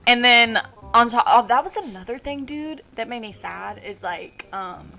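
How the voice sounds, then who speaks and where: A young woman co-hosting a podcast, telling retail stories in a lively casual way and swearing freely. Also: on the high side, moderate pace, creaky. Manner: animated storytelling, swears freely. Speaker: podcast co-host. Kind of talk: casual chat.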